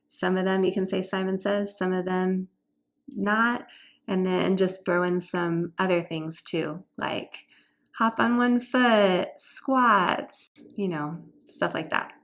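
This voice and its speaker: A woman's voice: on the low side, steady tone, a little slow. A woman homeschool tutor chattily explaining classroom games and activities, now and then singing short learning songs.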